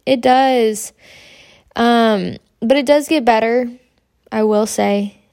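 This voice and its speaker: A woman's voice: a little high, takes it slowly, a little mellow, no echo, clean studio sound. A young pregnant woman, hosting a podcast and chatting candidly in a rambling, casual way. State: pregnant, about twenty-two weeks. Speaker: podcast host.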